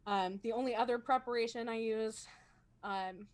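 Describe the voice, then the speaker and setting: A woman's voice: a little high, fairly even intonation, normal speed. A woman talking casually as a role-playing game player on a video call, chatty and self-conscious, laughing often. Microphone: home streaming microphone.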